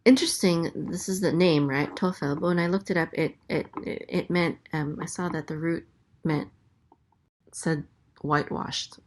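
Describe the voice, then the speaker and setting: Woman, very low voice, relaxed language teacher, slow explaining, lots of fillers. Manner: slow and explanatory, with many fillers and self-corrections. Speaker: Biblical Hebrew teacher. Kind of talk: casual spoken lesson.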